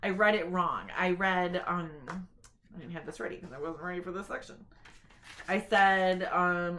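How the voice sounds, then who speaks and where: A woman's voice: fairly low pitch, a bit bright. A woman giving an informal talk to camera, sharing tips on reading aloud to children in a chatty, explanatory way. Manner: chatty and explanatory, with quick read-aloud demonstrations.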